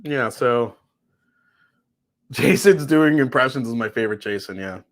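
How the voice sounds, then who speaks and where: Speaking a little slowly, a man with an expressive mid-range voice hosts a live whiskey tasting. He reviews the whiskey in a relaxed, conversational way, with easy laughter and occasional casual cursing.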